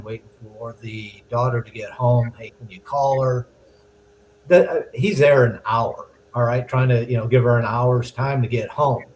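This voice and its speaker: A man's voice: medium pitch, darkish tone, slight background noise, low-quality recording. A man co-hosting a podcast, telling a sales story casually and laughing as he goes. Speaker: co-host.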